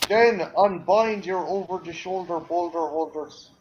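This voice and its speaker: A man's voice: sits high, a little slow, highs cut off, a little hiss or hum. A man with an Irish accent, co-hosting a casual watch-along chat full of crude, teasing banter. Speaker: podcast co-host.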